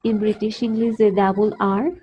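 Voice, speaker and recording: A Colombian woman, a native Spanish speaker, teaching an online English class slowly and carefully, repeating words for her students. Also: mid-range voice, flat delivery, dark tone, a little hiss or hum. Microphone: video call. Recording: dull lo-fi video call audio.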